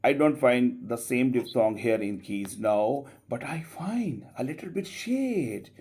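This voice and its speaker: A male English teacher, a native Urdu speaker, giving a classroom pronunciation lesson, modeling sounds slowly and coaxing students with repeated prompts. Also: mid-range voice, lively intonation, darkish tone, husky. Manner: slow, drawn-out modeling of sounds, coaxing students with "come on, please".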